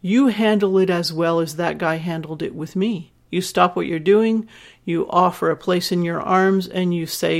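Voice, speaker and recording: Frank, gravelly woman sex educator. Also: lowish voice, steady tone, moderate pace. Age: over 50. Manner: frank, candid and conversational, tells personal stories. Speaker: sex educator and podcast host. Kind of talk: podcast advice talk to a listener.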